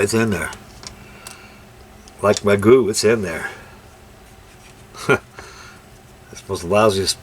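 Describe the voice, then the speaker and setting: Working on a scale model, this older man has a lowish, slightly bright voice. He drifts through folksy, rambling anecdotes in easy workshop chatter, sometimes ungrammatically.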